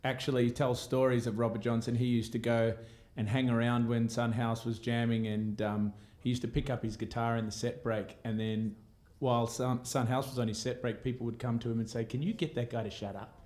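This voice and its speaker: A man's voice: mid-range voice, brisk, hardly any pauses. A man, a musician chatting casually and laughing as he hosts a live stream. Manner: relaxed, chatty, laughs often. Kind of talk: casual chat between songs.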